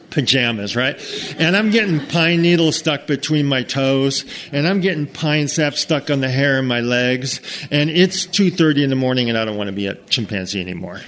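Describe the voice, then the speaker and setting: A man's voice: mid-range voice, normal speed. An American man telling a comic camping story to an audience, acting out the characters and sounds as he goes. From United States. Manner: animated, acts out every character and sound.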